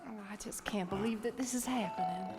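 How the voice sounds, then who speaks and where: A woman's voice: medium pitch, a little fast, music in the background, lightly acted. An actress playing a doting, dramatic young Texas woman in a live radio comedy sketch, with a sugary, fluttery manner.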